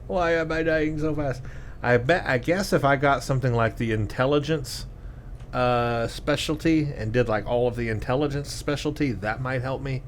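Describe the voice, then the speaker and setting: A man's voice: mid-range voice, moderate pace, a little hiss or hum. Exasperated man narrating his gameplay. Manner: self-deprecating, exasperated musing. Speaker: let's play host. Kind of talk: gameplay commentary.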